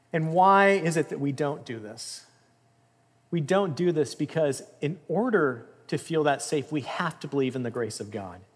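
A man preaching a sermon in an earnest, emphatic way, rising in intensity and dropping softly. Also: a little high, husky. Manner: earnest, emphatic, with swells of intensity and soft drops. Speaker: pastor. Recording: long reverb of a large room.

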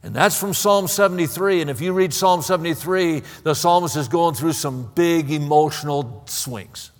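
A man's voice: fairly high pitch, normal speed. A man preaching a sermon in an impassioned way, often stammering and repeating words. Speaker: pastor. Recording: long hall reverb.

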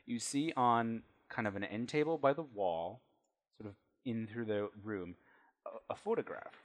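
A man's voice: medium pitch, measured pace. A man narrating as game master of a tabletop role-playing game, telling the scene in a loose, conversational way.

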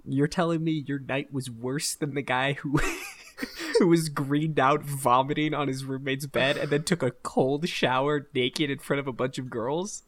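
A man co-hosting a podcast in casual chat, reacting with laughter and quick interjections. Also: mid-range voice, steady tone, a bit bright. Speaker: podcast co-host.

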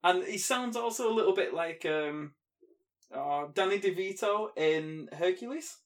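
Brief: playful male podcast co-host, high voice, laughs a lot. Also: expressive, measured pace. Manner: giggly, playful. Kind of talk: casual chat.

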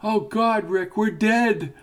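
A shrill, terrified wife on the edge of hysteria, as a male narrator puts her on. She is raised high above his usual voice and is pitched up with fear. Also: sing-song, moderate pace, darkish tone. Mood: frightened. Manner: shrill and panicked. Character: terrified wife, woman, panicky.

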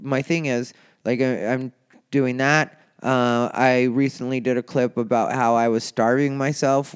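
A man talking casually and candidly on his own show, rambling from thought to thought and getting animated, tired and yawning. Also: medium pitch, clear, resonant tone. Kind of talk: casual solo talk.

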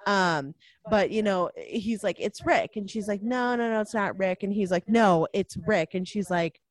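A woman in casual conversation about a film, animated, laughing often and acting out characters' lines. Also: mid-range voice, moderate pace, no room sound. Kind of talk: casual movie discussion.

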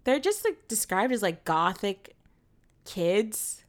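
A woman's voice: medium pitch, very animated, slow. A young woman co-hosting a casual film podcast, rambling with lots of fillers and frequent laughter. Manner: rambling, many fillers and restarts, laughs often. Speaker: podcast co-host.

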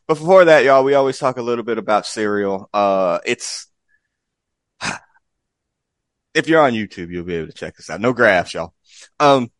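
Male podcast host, low voice, dry close sound, loose rambling chat. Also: fairly bright tone, dry recording. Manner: laid-back, rambling, with frequent fillers and laughs. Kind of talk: casual chat.

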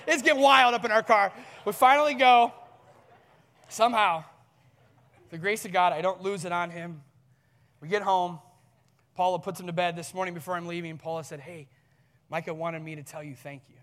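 A man's voice: sits high, brisk, a bit bright. Earnest male pastor in a reverberant church hall. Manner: earnest storytelling, laughs at himself. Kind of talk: sermon with personal story.

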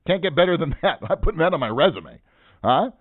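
A man's voice: a little high, fast, no echo, narrow, tinny audio. Guy telling a funny story, voice jumps all over, dry thin phone-ish sound. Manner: animated, joking, self-mocking storyteller. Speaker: financial advisor and podcast host. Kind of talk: casual storytelling monologue.

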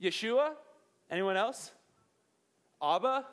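A young man giving an energetic, joking sermon as a pastor, asking the audience questions. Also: high voice, slow pace. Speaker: youth pastor.

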